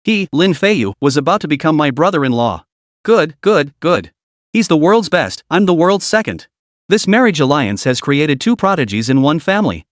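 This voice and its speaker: A man's voice: a little high, moderate pace, no room sound, clean studio sound. A man playing a gloating boastful young guild master. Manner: gloating, excitable.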